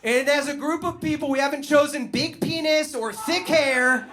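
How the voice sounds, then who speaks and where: Young male comic, high voice, animated, self-mocking stand-up delivery. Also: moderate pace, faint music behind. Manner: animated storyteller, self-deprecating. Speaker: stand-up comedian. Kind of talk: stand-up comedy.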